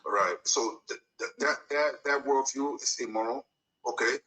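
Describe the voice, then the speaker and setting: A man's voice: medium pitch, moderate pace, sharp tone, poor audio. A man arguing insistently in a heated debate, repeating himself and talking over the other speaker.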